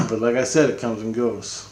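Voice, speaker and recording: Male vlogger, mid pitch, blunt and rambling, casual update, echoey room. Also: normal speed. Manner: rambling, blunt, swears freely. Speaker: spiritual vlogger. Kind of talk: casual spoken video update.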